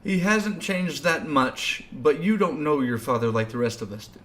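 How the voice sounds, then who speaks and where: A man narrating a tabletop game as game master, casual and halting, laughing often. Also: a little high, animated, fairly bright tone.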